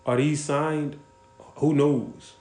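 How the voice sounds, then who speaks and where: A man's voice: a little high, steady tone, very slow, reverberant. A man hosting a casual livestream, talking bluntly and with plenty of swearing while thanking viewers by name. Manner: blunt, profane, shouts out viewers. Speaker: livestream host.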